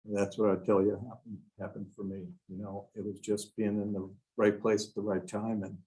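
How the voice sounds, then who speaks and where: An older man with a low, husky voice tells folksy stories to a club meeting. He quotes the mentors who shaped him in their own words and restarts his sentences often. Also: little pitch movement, brisk, mellow, rough recording. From Wisconsin. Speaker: guest speaker. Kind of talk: storytelling talk to a club meeting. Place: meeting room.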